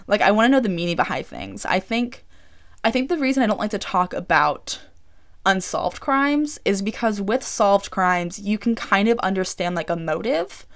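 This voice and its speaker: A woman's voice: medium pitch, very animated, normal speed. A woman of about twenty hosting her own podcast, chatting casually and rambling with lots of "like.". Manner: chatty, rambling, heavy use of "like". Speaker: podcast host. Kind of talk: casual solo podcast chat. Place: small room she records in.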